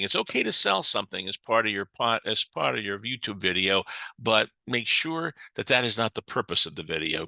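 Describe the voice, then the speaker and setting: An older American man giving a lively business seminar talk, chatty and joking, with many fillers and restarts. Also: lowish voice, vocal fry, dry recording, low-quality recording. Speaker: business speaker.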